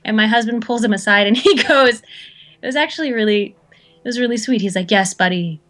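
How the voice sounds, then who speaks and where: A woman's voice: on the high side, a little fast, fairly bright tone. A woman guesting in a casual interview, rambling and self-deprecating, restarting her sentences often. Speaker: voice actor guest.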